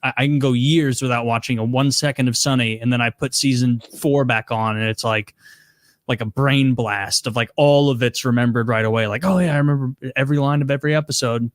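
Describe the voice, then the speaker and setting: A man in his thirties co-hosting a casual podcast, joking and quick-talking. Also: mid-range voice, fairly even intonation, dry recording, clean studio sound. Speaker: podcast co-host.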